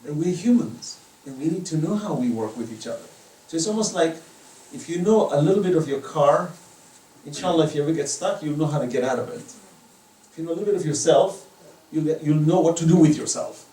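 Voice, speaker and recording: This Islamic lecturer's voice is a little high, brisk, and lively in intonation. He delivers an impassioned home lecture, telling stories to drive moral points, and his volume shifts widely. Sound is echoey and distant, with a bit of noise.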